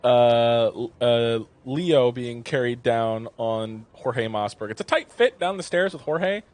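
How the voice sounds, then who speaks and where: A man running a tabletop role-playing game as game master, setting scenes with slow, hushed narration. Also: medium pitch.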